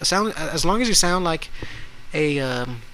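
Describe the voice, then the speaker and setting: A young man hosting a casual solo podcast, talking haltingly with many restarts. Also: a little high, animated, bright, forceful tone, slight background noise, low-quality recording. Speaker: podcast host.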